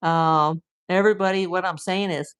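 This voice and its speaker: A woman's voice: fairly low pitch, fairly even intonation, normal speed, clear, resonant tone. A woman hosting her own livestream, talking casually and bluntly, acting out what her commenters say and laughing easily between points. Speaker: livestream host.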